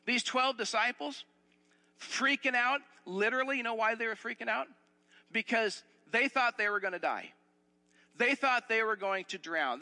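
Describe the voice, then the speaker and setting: Male pastor, high bright voice, earnest sermon delivery with a long hall echo. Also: animated, normal speed. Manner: earnest, repeats and restarts phrases, asks the listeners questions.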